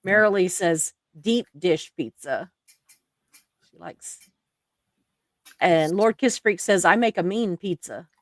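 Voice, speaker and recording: A chatty Southern woman hosts a relaxed livestream. She laughs often as she reads out viewer comments. Her voice sits at an average pitch and is recorded dry and close. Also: takes it slowly, pauses often, dry recording. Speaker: livestream host. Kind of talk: casual chat reading viewer comments.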